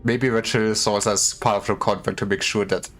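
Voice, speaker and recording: A man with a lowish voice chats casually over a game stream, thinking aloud, restarting and trailing off as he weighs his options. Faint game music hums behind him. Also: steady tone, fairly quick, a bit bright. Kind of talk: casual gaming commentary.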